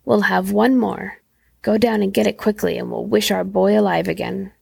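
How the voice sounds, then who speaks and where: A woman voicing a grieving old woman who speaks in high, frantic, desperate cries, with a husky, creaky voice. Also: normal speed, a little mellow, no room sound. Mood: intense.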